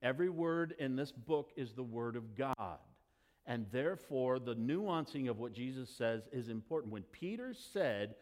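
A high-pitched man preaches from the pulpit in a church sanctuary. He takes his time, letting quiet, low asides swell into emphatic declarations. The long reverb of the hall trails after every phrase. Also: lively intonation, unhurried. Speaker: pastor. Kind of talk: sermon.

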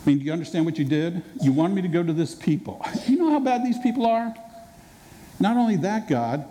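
A man's voice: high voice, expressive, fairly quick, mellow, slight background noise. A man voicing a complaining male prophet who defensively blames God, in a whiny, indignant manner, in a reverberant hall.

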